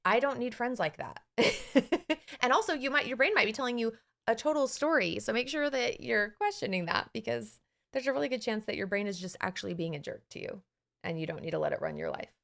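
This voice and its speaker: A woman co-hosting a podcast as an anxiety coach, telling a personal story in a casual, animated way, laughing and acting out her own inner voices. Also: a little high, fairly quick, vocal fry.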